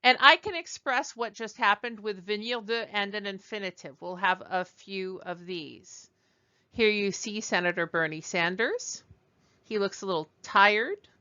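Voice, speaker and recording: A woman teaching a language lesson over slides, explaining slowly and digressing as she goes. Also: mid-range voice, pushed and bright, clear, resonant tone, dull audio. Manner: explanatory, digressive, with fillers and restarts. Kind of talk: recorded lecture over slides.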